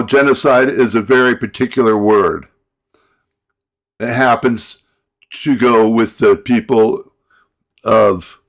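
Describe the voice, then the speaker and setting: Ranting in a rambling monologue, this middle-aged vlogger speaks at medium pitch. His delivery stalls and loops back on repeated words, punctuated by sighs and bursts of anger.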